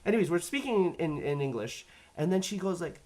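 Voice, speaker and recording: A man's voice: sits high, animated, fast talker, mellow. A man with a Canadian accent hosting a live-stream chat, telling long stories full of fillers and restarts. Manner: rambling storyteller, many fillers and restarts. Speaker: stream host.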